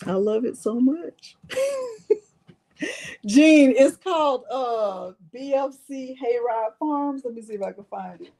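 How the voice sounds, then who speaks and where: A woman's voice: on the high side, expressive, a little slow, hardly any pauses, warm tone. A woman hosting a live crafting stream, chatting with her viewers in a playful, self-mocking way. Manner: chatty, talks straight to viewers. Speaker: crafting channel host.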